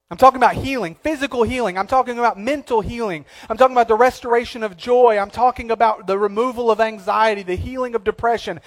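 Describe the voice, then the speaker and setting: Male pastor, high-pitched, impassioned sermon delivery, hushed to emphatic.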